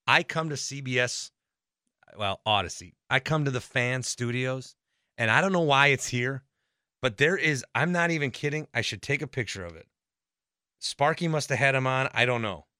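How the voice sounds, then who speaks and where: A man's voice: mid-range voice, bright, forceful tone, no room sound, clean studio sound. A man hosting a sports podcast, ranting in an exasperated, rambling way and swearing often. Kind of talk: ranting monologue.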